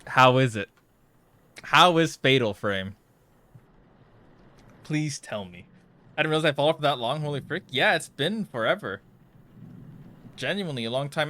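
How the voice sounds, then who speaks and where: A man's voice: fairly high pitch, expressive, a little slow, pauses often, bright, forceful tone. A young man casually chatting to viewers while playing a horror game live, jittery and nervous, often trailing off into mumbles. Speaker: livestreamer.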